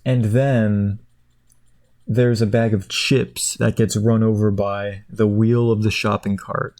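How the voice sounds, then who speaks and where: A man rambling through the plot of a movie while clicking away, jumping into high squeaky voices for the characters. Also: level tone, takes it slowly, a little mellow. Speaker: streamer. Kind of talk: casual chat while clicking.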